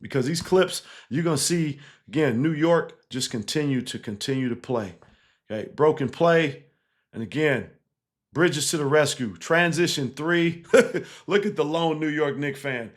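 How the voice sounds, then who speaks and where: A man, a basketball coach, casually breaking down game film, animated and laughing easily, tagging points with 'right?'. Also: on the high side, measured pace. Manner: animated, keeps checking in with 'right?' and 'again'; laughs easily while explaining.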